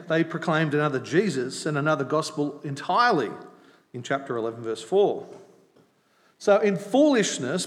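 A middle-aged man preaching in a slightly raised voice, chatty and easygoing, then slowing down or pushing hard on key points. His words ring out through a church with a long, lingering reverb. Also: on the high side. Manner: chatty, with emphatic bursts and slowed emphasis. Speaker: visiting preacher. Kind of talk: conversational sermon. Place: church during an evening service.

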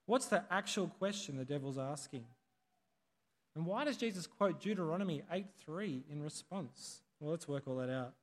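A man's voice: on the high side, animated, normal speed, in a large hall. A man preaching a sermon in a conversational way, putting questions to the congregation. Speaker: pastor. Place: church hall.

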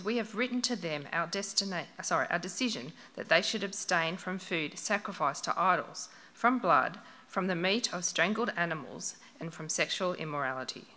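A woman reading a scripture passage aloud in church, steady and measured. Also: on the low side. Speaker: Bible reader.

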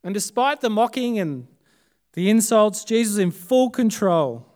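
Australian male preacher, higher register, clean resonant tone, dramatic swings from forceful to hushed. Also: lively intonation, moderate pace. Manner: dramatic, swinging between loud emphasis and hushed, quiet phrases. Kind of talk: Good Friday sermon. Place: church service.

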